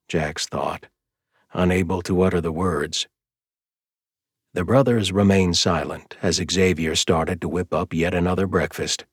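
A man narrating an audiobook in a measured, even storytelling voice, close to the mic. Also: low-pitched, slightly rough, no room sound. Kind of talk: scripted narration.

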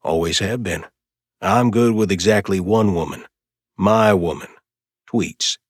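A man voicing a caring, plainspoken older brother who talks in an easygoing, steady way. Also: low voice, measured pace, husky, no room sound, studio quality.

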